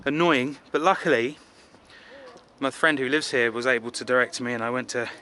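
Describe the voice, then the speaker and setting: A man's voice: medium pitch, moderate pace, bright, forceful tone, a little hiss or hum. A man from England vlogging casually outdoors, rambling and self-deprecating with lots of filler words. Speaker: travel vlogger. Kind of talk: casual rambling travel vlog. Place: outdoors in a city.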